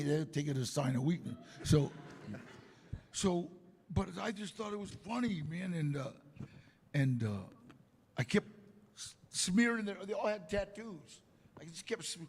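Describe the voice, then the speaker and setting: Gravelly husky older man telling stories. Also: on the high side, measured pace, big-room sound. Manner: animated storyteller acting out quotes. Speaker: interview guest. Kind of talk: casual storytelling.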